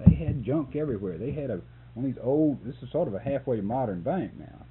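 In a recorded interview, a man with a medium-pitched, breathy-edged voice briskly tells a story about a photography job. He laughs often and gets animated at the punchline. The tape sounds tinny and lo-fi, with a hum.

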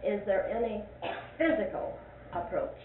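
A Sunday school teacher, an older woman, leads a Bible class discussion in a mid-range voice with lively intonation, a little slow, recorded from afar. She keeps asking questions and repeating her points, and her folksy voice rings through a roomy space. Faint hiss sits under a thin, phone-like recording.

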